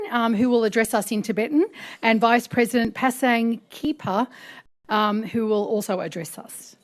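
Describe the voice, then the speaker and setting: A woman hosts a ceremony as its emcee. She thanks each speaker graciously and introduces the next in a polite tone. Her voice is a little high. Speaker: master of ceremonies. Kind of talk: event hosting.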